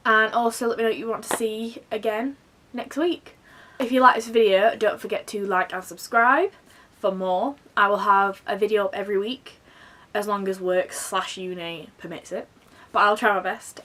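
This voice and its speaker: A woman's voice: mid-range voice, far from the mic. Gushing young woman book vlogger. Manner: gushing, excitable, lots of fillers. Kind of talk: casual chat to camera.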